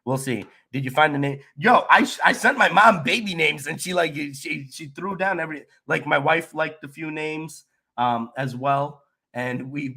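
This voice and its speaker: A man's voice: on the high side, breathy edge. A young man who is sick and a bit nasal, with a slight cough, hosting a casual crypto livestream and chatting loosely with viewers. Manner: loopy, relaxed, rambling with restarts. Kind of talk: casual livestream chat reading comments.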